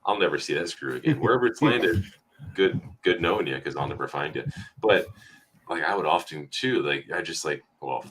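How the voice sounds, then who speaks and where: A man with an extremely deep voice talks in a relaxed, thoughtful way, slipping in dry jokes. His tone is bright and forceful despite the low pitch. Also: brisk, a little hiss or hum. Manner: easygoing, reflective, wry humor. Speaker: podcast co-host. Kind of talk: casual podcast chat.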